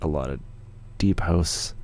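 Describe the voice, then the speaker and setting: A man's voice: extremely low pitch, unhurried, a little mellow. A young man from Canada hosting a live studio Q&A stream, telling rambling stories in a laid-back way with lots of fillers and swearing. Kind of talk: casual livestream chat. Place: home studio.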